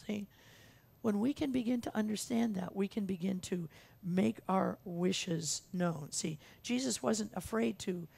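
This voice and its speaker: A woman's voice: mid-range voice, measured pace, gravelly, warm tone, slightly rough. A woman minister preaching a sermon in an earnest, emphatic way, repeating her key phrases for weight. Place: church sanctuary.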